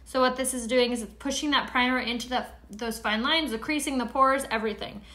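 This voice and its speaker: Brief: chatty woman from San Diego, slightly high, bright voice, hosting a casual live makeup tutorial with rambling asides. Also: steady tone, a little fast. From San Diego, California. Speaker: beauty product seller and live-streamer.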